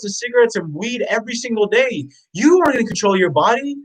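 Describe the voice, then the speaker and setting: A man's voice: extremely high pitch, expressive, fast talker, few pauses, rough recording. A man giving a blunt, unscripted motivational rant, preaching intensely, hammering the same questions over and over, swearing and often raising his voice. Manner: blunt and profane. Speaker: motivational vlogger.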